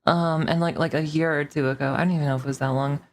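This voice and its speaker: A woman's voice: deep voice, fairly even intonation, very fast, a little hiss or hum. A woman streamer ranting casually to her chat, rambling and swearing with many restarts.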